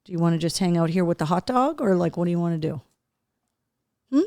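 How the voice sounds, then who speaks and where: A woman's voice: lowish voice, expressive, quick pace, mellow, dry recording. A woman hosting a casual live show, chatting to her dogs in a coaxing voice and reading out viewer comments. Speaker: host. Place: home studio room.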